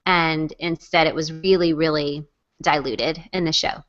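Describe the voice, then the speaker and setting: A woman's voice: deep voice, steady tone, a little slow, a bit bright, highs cut off. A woman co-hosting a casual fan chat, giving her opinions in an analytical way. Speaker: podcast co-host.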